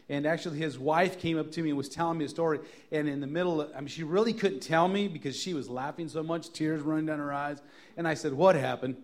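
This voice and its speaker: Joking, emphatic preacher with a fairly high voice. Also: male voice. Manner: joking storyteller who builds to emphatic repeated lines. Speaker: pastor. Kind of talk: sermon. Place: church sanctuary.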